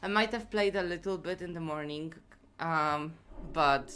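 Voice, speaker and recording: A woman's voice: deep voice, measured pace, few pauses, a bit bright, slight background noise. A woman streaming a game live, chatting casually with viewers and greeting them by name while a little out of breath.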